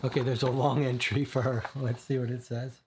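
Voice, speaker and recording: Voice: medium pitch, little pitch movement, fairly quick, background noise. Streamer, board game reading, casual asides, conversational. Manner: reads card text, then comments casually. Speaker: streamer and player.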